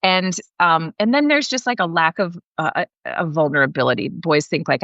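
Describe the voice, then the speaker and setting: A woman's voice: deep voice, normal speed, hardly any pauses, a bit bright, no room sound, muffled recording. A woman in her forties talking earnestly as a parenting guest in an interview, with many fillers and restarts. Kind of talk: conversational interview.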